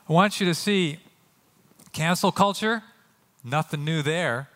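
A man preaching a sermon as pastor, earnest and animated, often acting out quotes. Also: on the high side, normal speed, pauses often, long reverb tail. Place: church sanctuary.

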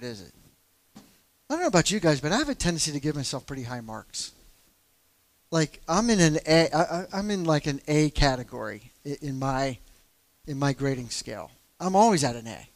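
A man's voice: on the high side, animated, fairly quick, dry recording. A middle-aged man and church elder telling a personal story in casual talk, candid and self-deprecating, with many fillers.

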